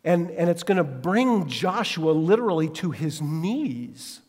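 A man's voice: a little high, unhurried, long reverb tail. A male pastor preaching a sermon, telling stories animatedly and asking listeners direct questions. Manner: animated storytelling, acts out quotes, asks listeners questions.

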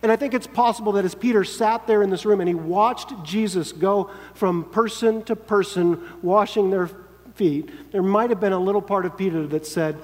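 A man's voice: high-pitched, moderate pace, darkish tone. A man preaching a sermon in an earnest, emphatic way, sometimes acting out quoted lines. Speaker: pastor. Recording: long hall reverb.

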